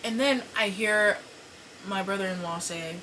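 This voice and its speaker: A young woman hosting a podcast, telling an embarrassing story to camera in a casual, animated, profane way, full of fillers and apologies. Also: mid-range voice, unhurried, background noise. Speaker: podcast host. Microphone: camera set up in front of her.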